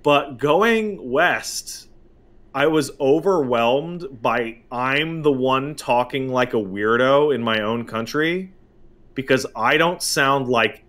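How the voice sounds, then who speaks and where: A man's voice: mid-range voice, slow. A man from Montreal with a Canadian accent, telling stories animatedly as a podcast host. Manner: animated, jokey storytelling. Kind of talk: casual podcast chat.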